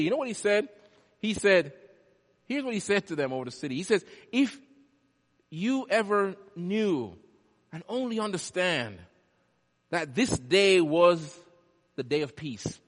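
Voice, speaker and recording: Pastor guy preaching, goes quiet then loud, kinda high voice, church echo. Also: expressive, normal speed. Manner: preaching with sharp swings from hushed to loud. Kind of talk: sermon. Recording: long echo of a large hall.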